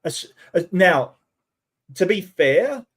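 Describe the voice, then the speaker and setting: A man's voice: high-pitched, very animated, takes it slowly, breathy edge. An Australian man hosting a reaction commentary, talking in a sarcastic, mocking way. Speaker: commentary host.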